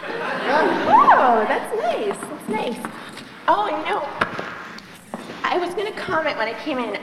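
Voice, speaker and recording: A woman's voice: sits high, lively intonation, a little slow, a loud crowd. A young woman playing a chatty, self-absorbed college freshman in a live stage skit, gushing on and on about herself. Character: chatty spoiled female college freshman moving in. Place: large hall, on stage. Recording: echoey hall from far off, noisy.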